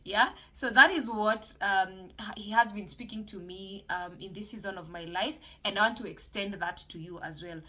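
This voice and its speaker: A woman's voice: mid-range voice, moderate pace, hardly any pauses, sharp tone. A woman hosting a solo podcast, talking casually and encouragingly about mental health and faith, with many fillers and restarts. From Kenya.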